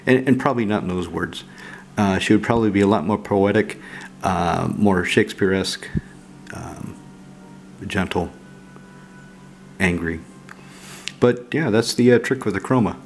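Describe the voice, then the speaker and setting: A man casually walking through his card game deck, relaxed and rambling with frequent fillers. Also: fairly low pitch, moderate pace, gravelly, long pauses, soft background music. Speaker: card game channel host.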